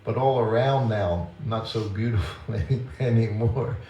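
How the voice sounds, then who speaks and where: An older man giving a temple talk, reminiscing in a gentle, chuckling storytelling way. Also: lowish voice, normal speed, far from the mic, lo-fi sound, slight background noise. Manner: gentle, chuckling anecdotal delivery. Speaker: guest speaker at a temple. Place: temple hall. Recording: roomy temple hall with faint ambience.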